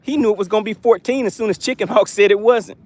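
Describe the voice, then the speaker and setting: A man's voice: high voice, fast talker. A man hosting a fishing livestream from a boat, teasing and laughing with his chat viewers.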